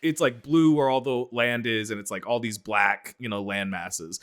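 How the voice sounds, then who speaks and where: A man's voice: medium pitch, normal speed, a bit bright. A man playing a tabletop game, talking casually in a loose, rambling and hesitant way. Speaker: player. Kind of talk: casual in-character play.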